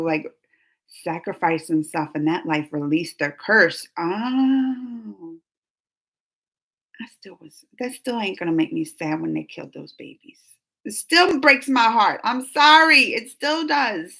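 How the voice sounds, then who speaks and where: Bright, chatty woman streamer. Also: on the low side, vocal fry. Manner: animated and chatty, laughs often, gasps. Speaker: reaction channel host. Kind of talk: casual live-stream chat, reading comments aloud.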